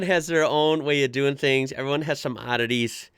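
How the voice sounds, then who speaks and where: An American man hosting a casual reaction video, chatty and quick to laugh as he reads posts aloud. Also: medium pitch, a bit bright, clear, resonant tone, no room sound, studio quality. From United States. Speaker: reaction channel host.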